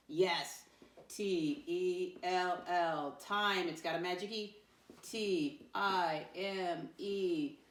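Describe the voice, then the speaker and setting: Woman teacher for a 1st-grade lesson, slightly low voice, encouraging, recorded from a distance in a roomy space. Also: a bit bright. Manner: encouraging, addresses kids as "my friends", spells words out slowly. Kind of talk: first-grade lesson to camera. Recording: echoey room, voice from a distance.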